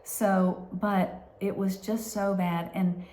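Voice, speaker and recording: A woman telling a personal story in a halting way, with many restarts and hushed asides. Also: mid-range voice, level tone, slight background noise. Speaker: vlogger.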